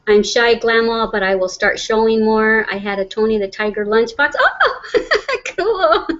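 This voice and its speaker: A woman's voice: a little high, flat delivery, moderate pace, fairly bright tone, lo-fi sound. A middle-aged woman, hosting a casual livestream, reading viewer comments aloud and chatting in a rambling way with frequent laughs. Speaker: livestream host.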